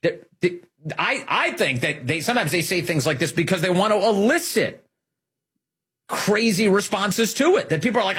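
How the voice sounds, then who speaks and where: A man's voice: sits high, expressive, normal speed, a bit bright, slightly rough. A man hosting a conservative political commentary show, talking emphatically with urgent peaks.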